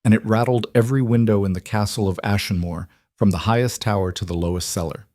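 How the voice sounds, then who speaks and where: Male audiobook narrator, low and steady, dry close mic. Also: no echo. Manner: steady, measured storytelling. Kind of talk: scripted narration.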